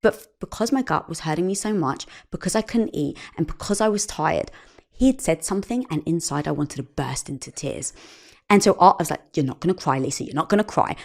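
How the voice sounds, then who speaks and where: Animated woman telling a story. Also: lowish voice, brisk, creaky. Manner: animated storytelling, acts out quoted dialogue. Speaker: podcast guest. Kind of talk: conversational interview.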